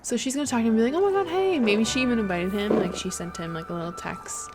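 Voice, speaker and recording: A woman narrating a life-simulation game in a soft-spoken ASMR style, chatty and full of fillers. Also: medium pitch, quick pace, music in the background. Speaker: gaming channel host. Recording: loud game audio underneath.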